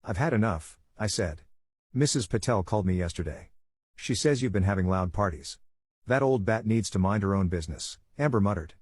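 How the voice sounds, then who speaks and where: Male narrator, low husky voice, dry close mic, even story read. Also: dry recording.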